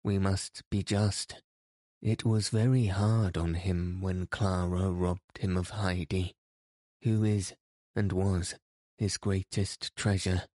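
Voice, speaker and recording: A gentle, kindly old grandmother speaks earnestly in an audiobook, voiced by a man reading in his own deep voice. The delivery is slow and unhurried. The sound is close and dry. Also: no room sound. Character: kind gentle elderly grandmother.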